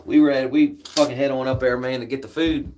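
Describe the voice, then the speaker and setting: Laid-back male streamer telling a story off the cuff, profane and rambling, average pitch. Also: little pitch movement, fairly quick, background noise. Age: adult with a daughter. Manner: rambling, profane, peppers speech with "man". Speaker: livestream host. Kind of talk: casual storytelling.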